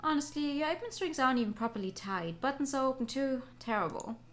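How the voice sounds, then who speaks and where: A woman's voice: high voice, animated, quick pace. A woman voicing a strict head maid who lectures a late newcomer. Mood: stern. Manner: stern, disapproving, lecturing.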